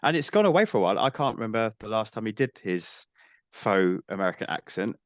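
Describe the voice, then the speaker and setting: Low-voiced man, thoughtful. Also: very animated, fast, no echo, dull audio. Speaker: podcast host. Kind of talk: casual film discussion.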